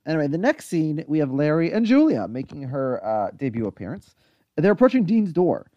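A man recaps a TV episode on a podcast in casual chat, his voice bouncing up and down with animated energy. Slightly higher than most men's, it moves at a brisk pace and is recorded close and dry with no room sound, though the recording is muffled.

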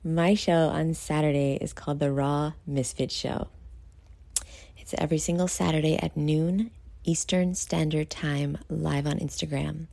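A young woman, talking late at night about herself in a candid vlog, loud and excitable, with many fillers, sounding tired. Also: low voice, unhurried, creaky, dry recording. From New York. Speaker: podcast host. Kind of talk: candid self-talk vlog.

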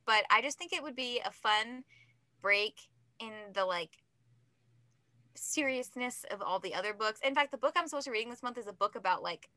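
A young adult woman rambles through a podcast tangent with a giggly, self-mocking lilt. Her voice sits a bit high and sounds bright. The recording is close and dry. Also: dry recording. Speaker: podcast co-host. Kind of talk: casual chat.

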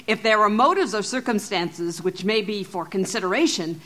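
A woman playing a calm, reasoning female companion who speaks in a polite, careful and formal way. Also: fairly high pitch. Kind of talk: audio drama acting.

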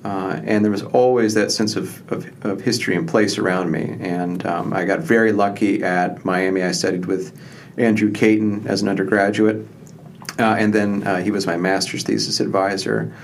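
Low gravelly-voiced man, thoughtful historian guest. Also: steady tone, moderate pace, slight background noise. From southwestern Ohio. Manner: thoughtful, with many fillers and restarts. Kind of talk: conversational interview.

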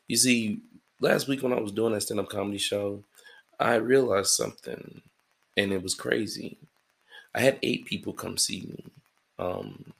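Sleepy, gravelly, low-voiced man. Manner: rambling, profane and self-deprecating. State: sleepy, yawning early in the morning. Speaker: podcast host and stand-up comedian. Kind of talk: casual solo podcast monologue. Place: his apartment.

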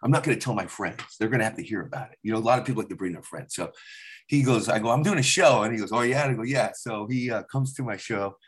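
A man's voice: on the low side, fast talker. A middle-aged man chatting casually, telling stories about his family with lots of acted-out dialogue. His voice jumps up and down as he slips into the other people's parts. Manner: animated storyteller acting out his dad's lines. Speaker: comedian guest. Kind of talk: casual storytelling chat.

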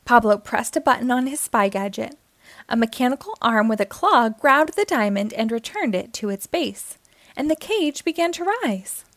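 A woman reads a children's picture book aloud with expressive storytelling. Her voice sits slightly high and moves with lively intonation, recorded close and dry. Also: moderate pace, no echo. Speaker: storytime reader. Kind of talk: children's read-aloud narration.

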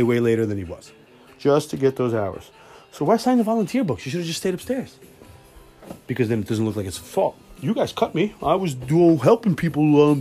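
Swearing, animated man telling stories. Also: on the high side, breathy edge. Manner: animated storytelling with lots of swearing; calmer and quieter when giving cooking tips. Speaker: podcast host. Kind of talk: casual monologue.

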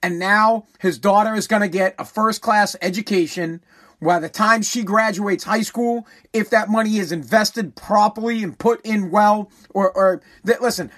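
A man's voice: high-pitched, a bit bright. A man in his forties, a talk host telling a rambling, profane, repetitive story in a casual monologue. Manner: rambling, profane, repeats himself, emphatic.

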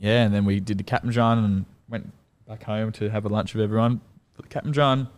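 Deep-voiced young Australian man. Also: a little fast. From Central Coast, Australia. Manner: relaxed, rambling, swears casually. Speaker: guest, rugby league player. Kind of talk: casual storytelling.

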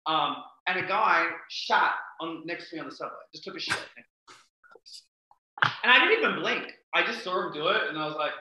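A man's voice: fairly high pitch, animated, moderate pace, pushed and bright, echoey room, rough recording. A man in his thirties from Australia, with an Australian accent that drifts toward American, chatting animatedly as a podcast guest and telling stories. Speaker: podcast guest, acting coach. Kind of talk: casual podcast chat.

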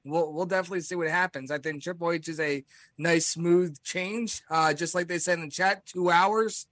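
A man's voice: on the high side, steady tone, normal speed, fairly bright tone, no echo. A man on a casual online panel, speaking hesitantly with many fillers.

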